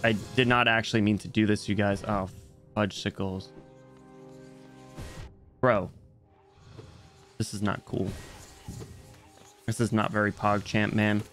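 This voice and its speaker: A man's voice: on the low side, level tone, measured pace, pauses often, fairly bright tone, soft background music. Rambling young man streaming a game. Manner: rambling, jokey, talks to chat while playing. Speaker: VTuber streamer. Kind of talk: casual gaming livestream chat.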